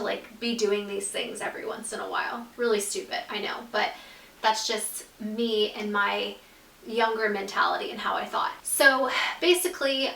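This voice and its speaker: A woman's voice: fairly high pitch, gravelly, sharp tone, reverberant, distant mic, a little hiss or hum, low-quality recording. A woman telling a personal story in a casual vlog, chatty and full of "like". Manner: chatty, fills speech with "like", acts out quoted dialogue. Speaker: YouTube storyteller.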